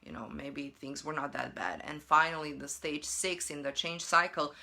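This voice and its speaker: A woman's voice: deep voice, steady tone, moderate pace, creaky, bright, forceful tone. A young woman life coach talking casually in a motivational vlog, acting out inner thoughts in quotes.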